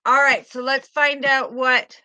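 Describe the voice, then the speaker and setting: A woman reads tarot cards for her viewers in a soothing, affectionate way, calling them sweetheart and baby girl. Her voice sits high and bright. The sound is dry and close, with no room echo. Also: little pitch movement, a little slow. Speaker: tarot reader.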